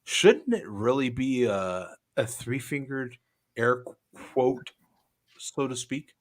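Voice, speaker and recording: A man's voice: mid-range voice, slow. A man hosting a casual chat on a live show, jokey, laughing often and riffing on his co-hosts. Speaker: host.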